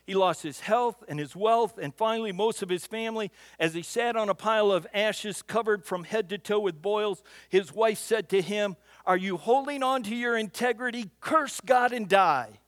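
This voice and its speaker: A man's voice: high-pitched, moderate pace, few pauses, clean studio sound. A man preaching a sermon, telling stories with a folksy storyteller's manner and often repeating the first word of a phrase. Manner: storytelling, builds loud for punchlines; repeats words when starting phrases. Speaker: pastor. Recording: long hall reverb.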